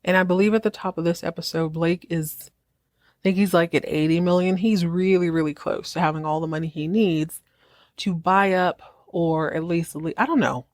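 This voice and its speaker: A woman podcast host gives a casual show recap, animated and full of jokes. Her voice sits on the low side, and the recording is dry and close to the mic. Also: normal speed, no room sound. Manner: animated, joking storyteller.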